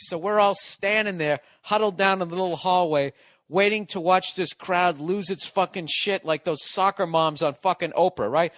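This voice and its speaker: A man hosting a podcast, telling a story in a casual, profane, animated way that keeps building excitement. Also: high-pitched, dry recording, studio quality. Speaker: podcast host.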